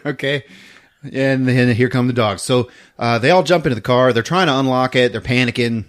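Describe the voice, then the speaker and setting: A man hosting a podcast, casually recapping a film scene by scene, laughing often and acting out the characters' lines in squeaky voices. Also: normal speed. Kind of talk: casual movie recap chat.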